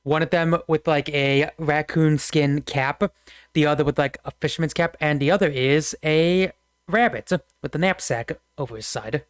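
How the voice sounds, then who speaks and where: A man's voice: a little high, moderate pace, clear, resonant tone, dry recording, clean studio sound. A man narrating a tabletop game as game master, rambling and laughing often.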